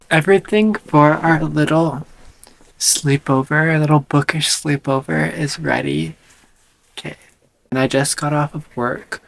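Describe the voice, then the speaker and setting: A man's voice: mid-range voice, a bit bright, a little hiss or hum. A man giving a sarcastic, profane book recap in a casual vlog. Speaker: book vlogger.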